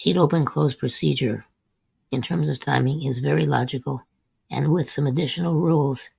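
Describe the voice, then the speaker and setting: A man's voice: medium pitch, gravelly, husky, no room sound. A man hosting a trading lesson, walking through chart examples in a methodical way and repeating short refrains. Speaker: host. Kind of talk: scripted market lesson over a chart screen.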